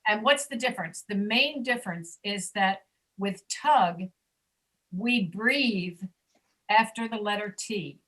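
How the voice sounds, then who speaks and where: A woman teaching an online pronunciation class, patiently correcting students and modeling sounds slowly over a video call. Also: mid-range voice, a bit bright.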